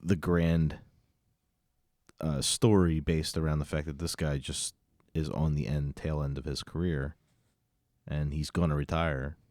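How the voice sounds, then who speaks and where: A man co-hosts a casual film podcast, mixing short asides with longer explanations. His voice sits very low and mellow, recorded close on a dry mic. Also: flat delivery, measured pace, no room sound. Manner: brief interjections, explains with "like". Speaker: podcast co-host.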